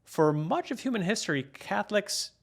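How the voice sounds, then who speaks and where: A man's voice: high voice, animated, normal speed, vocal fry. A man co-hosting a podcast in casual chat, earnest, reading out quotes and hedging with "I think". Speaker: podcast co-host.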